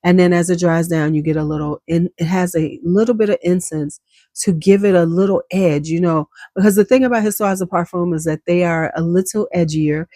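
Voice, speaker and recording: A woman's voice: lowish voice, steady tone, brisk, dark tone, no room sound, studio quality. A woman giving a casual, enthusiastic perfume review, chatty and full of slang, coughing now and then. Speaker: beauty vlogger.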